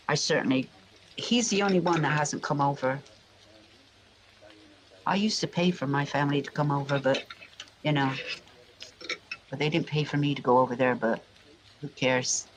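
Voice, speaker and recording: A man's voice: on the high side, low-quality recording. A man from England telling rambling family stories, full of restarts and asides. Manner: meandering, frequent restarts and asides. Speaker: vlogger. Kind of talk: rambling personal storytelling.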